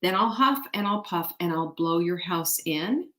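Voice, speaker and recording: A woman's voice: lowish voice, lively intonation, normal speed, a bit bright. A woman voicing a tricky big bad male wolf in a storybook tale, recorded in an echoey room. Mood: threatening.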